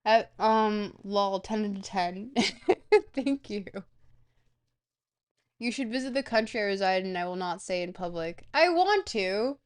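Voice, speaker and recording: A woman's voice: medium pitch, animated, a little slow, clean tone. A young woman streamer chatting casually and rambling as she reads out and answers viewer questions. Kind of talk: casual chat with a live stream audience.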